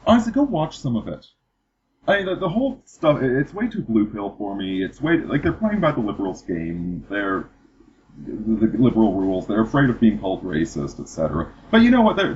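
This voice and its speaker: A man's voice: mid-range voice, a little mellow, a little hiss or hum. A man hosting a casual political chat, rambling and restarting his sentences with repeated words. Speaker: podcast host. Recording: dull lo-fi podcast audio.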